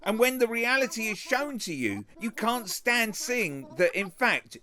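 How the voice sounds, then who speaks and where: A man's voice: high voice, very animated, unhurried, pushed and bright. A man hosting a political video channel, commenting on a clip in a sarcastic, mocking way.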